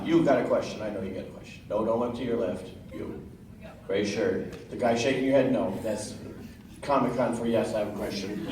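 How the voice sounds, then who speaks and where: A man on a convention panel teasing the audience with sarcastic, profane improvised banter. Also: a little high. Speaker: comedic voice actor on a convention panel. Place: large convention hall. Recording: echoey hall, distant mic, noisy.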